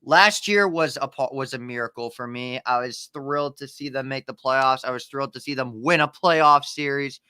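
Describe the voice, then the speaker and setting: Cocky, bright-voiced man on a video call. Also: mid-range voice, moderate pace, hardly any pauses, clear, resonant tone, no echo, studio quality. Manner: cocky, brutally frank. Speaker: guest sports content creator. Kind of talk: casual sports chat. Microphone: webcam on a video call.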